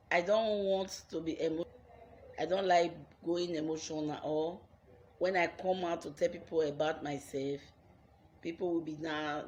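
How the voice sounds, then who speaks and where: A woman's voice: fairly low pitch, darkish tone, dull audio, slight background noise. A young Nigerian woman with a Nigerian accent telling her own life story on her vlog, earnest and repeating phrases for emphasis.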